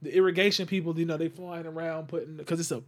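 A man's voice: fairly high pitch, fairly even intonation, fast. A man hosting a casual podcast, chatting loosely and telling stories with acted-out quotes. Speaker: podcast host. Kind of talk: casual chat.

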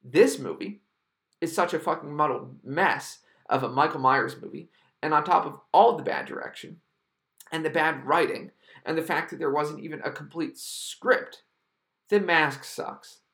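Gravelly, profane man ranting about movies. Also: fairly high pitch, normal speed, fairly bright tone. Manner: profane, exasperated, emphatic. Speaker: film reviewer. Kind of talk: ranting film review monologue.

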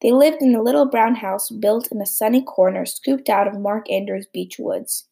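A woman narrating an audiobook of a classic novel in a steady, measured reading with a husky, gravelly voice. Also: mid-range voice.

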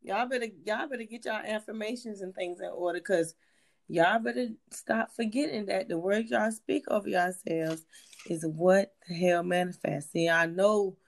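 A woman from Virginia co-hosting a podcast in casual chat, animated and emphatic, laughing often. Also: medium pitch, normal speed, vocal fry. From Hampton, Virginia. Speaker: podcast co-host.

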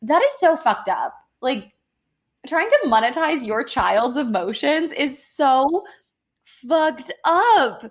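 A young woman co-hosting a podcast, chatting casually and bluntly, indignant and quick to swear. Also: high voice, expressive. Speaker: podcast co-host. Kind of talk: casual chat.

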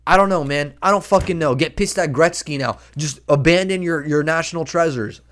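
A man hosting a solo podcast who rants in a profane, excitable way and keeps saying "dude" and "man". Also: fairly high pitch, fairly quick. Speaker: podcast host.

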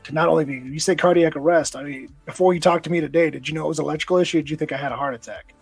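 A man talks quickly in a slightly raised, husky voice, telling his story with earnest emotion. The recording is dry and close, with faint music underneath. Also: on the high side, fairly even intonation, no room sound, rough recording. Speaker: nonprofit founder, police officer. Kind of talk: conversational interview.

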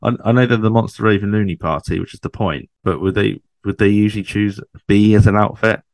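Man, low voice, podcast co-host, casual recap, chatty and questioning, dry sound. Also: fairly even intonation, quick pace, vocal fry, darkish tone, dry recording. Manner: chatty, thinking aloud with questions to his co-host. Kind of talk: casual chat recapping a sitcom episode.

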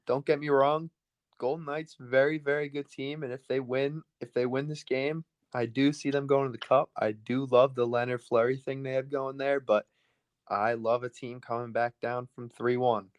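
A man co-hosting a casual sports podcast, firing off his betting picks in a rapid, breathless rush. His voice sits at an ordinary middle pitch. He is recorded close and dry, with no room sound. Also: dry recording. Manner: rapid-fire, rattles through picks.

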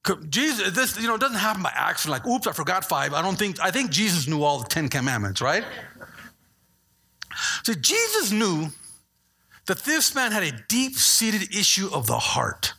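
A male pastor preaches with a lively, swooping delivery, his voice sitting high and bright. There is a husky grain to his tone as he jokes with the congregation and then presses his point. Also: normal speed. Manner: animated preaching, playful asides to the congregation. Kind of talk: sermon.

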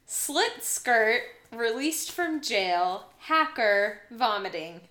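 A woman's voice: a little high, animated, drawn-out words, pushed and bright, roomy sound. A woman co-hosting a podcast game, laughing often as she reads out clues. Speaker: podcast co-host. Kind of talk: casual game chat.

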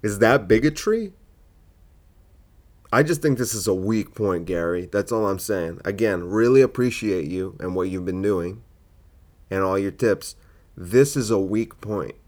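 A man's voice: fairly low pitch, darkish tone. Argumentative male comedian ranting solo. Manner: argumentative, rhetorical questions, many fillers. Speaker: comedian and podcast host. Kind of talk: opinionated solo podcast monologue.

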